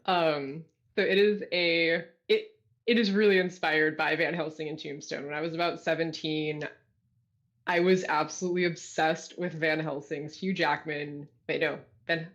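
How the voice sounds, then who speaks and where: An author from California talks over a video call, telling stories in an animated, self-deprecating way and laughing often. The audio sounds dull and lo-fi, with a middling voice. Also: mid-range voice, normal speed. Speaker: guest author. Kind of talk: casual interview storytelling.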